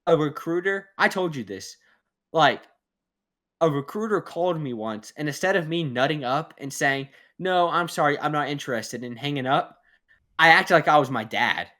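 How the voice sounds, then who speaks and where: A man's voice: a little high, animated, normal speed, bright, forceful tone. A young man co-hosting a casual podcast chat, telling stories in a rambling way, swearing freely and laughing at his own tales. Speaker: podcast co-host.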